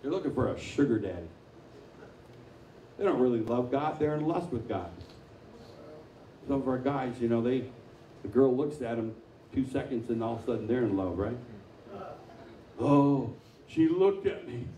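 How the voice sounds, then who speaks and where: Echoey, mellow-voiced male pastor preaching. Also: medium pitch, moderate pace, long pauses, a little hiss or hum. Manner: conversational storytelling, acting out quotes. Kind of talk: sermon. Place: church sanctuary. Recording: echoey room, mic from far off.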